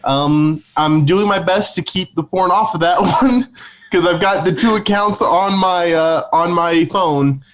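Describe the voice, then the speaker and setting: A man's voice: sits high, measured pace. A man co-hosting a casual comedy podcast, rambling and laughing through his words. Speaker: podcast co-host.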